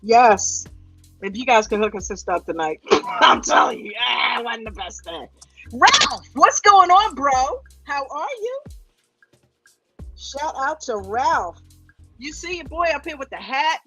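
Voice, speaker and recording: A woman's voice: high voice, lively intonation, unhurried, bright, forceful tone, no echo, soft background music. A woman hosting a livestream, casually greeting viewers one by one in a playful, teasing, affectionate way. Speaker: host.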